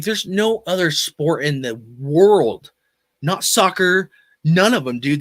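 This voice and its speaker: A man's voice: fairly high pitch, a bit bright, no room sound, studio quality. A man hosting a fan channel, ranting about football and reading out chat comments in a blunt, cussing, rambling way. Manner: profane, emphatic, rambling.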